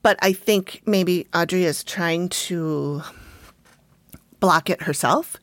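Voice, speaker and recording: A woman co-hosting a casual podcast, recapping a TV episode in a lively voice and laughing often. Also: on the low side, slow pace, no room sound, clean studio sound. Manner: lively, laughs often, talks to her dog. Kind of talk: casual chat.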